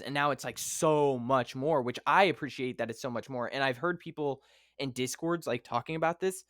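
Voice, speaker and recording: A man's voice: medium pitch, normal speed, fairly bright tone, no room sound, clean studio sound. A man hosting a podcast in casual chat, rambling and acting out his own reactions. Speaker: podcast host.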